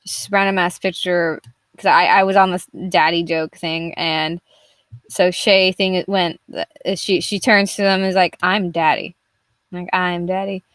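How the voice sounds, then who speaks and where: A woman's voice: lowish voice, steady tone, normal speed, fairly bright tone, smooth, no echo. Rambling young woman on a close, dry mic. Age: young adult. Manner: rambling, chatty, swears freely. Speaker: artist streaming her work. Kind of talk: casual live-stream chat.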